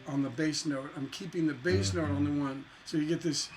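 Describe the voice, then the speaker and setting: A man teaching songwriting in a relaxed, chatty way, playing guitar and humming bits of melody as he explains. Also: fairly high pitch, brisk. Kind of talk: casual music lesson with guitar. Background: acoustic guitar.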